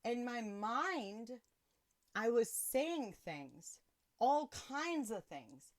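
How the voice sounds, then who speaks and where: A woman hosting a podcast, telling a personal story in a casual, animated way and laughing often. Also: a little high, drawn-out words. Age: adult with children. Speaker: podcast host.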